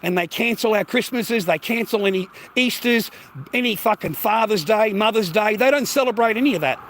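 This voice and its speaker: A man's voice: sits high, fairly quick, fairly bright tone, a little hiss or hum. An Australian man hosting a livestream, delivering an aggressive, taunting rant full of swearing. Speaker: livestream host.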